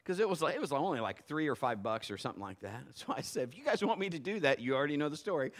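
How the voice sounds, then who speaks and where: A middle-aged man preaching a sermon, telling folksy personal stories and swinging from quiet asides to loud, emphatic points. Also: on the high side, big pitch swings, racing. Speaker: pastor.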